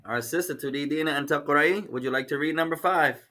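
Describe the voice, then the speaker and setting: Male teacher, bright and forceful tone, patient and encouraging with students. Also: on the high side, a little fast. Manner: encouraging, repeats and explains patiently. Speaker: language teacher. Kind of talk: online class instruction.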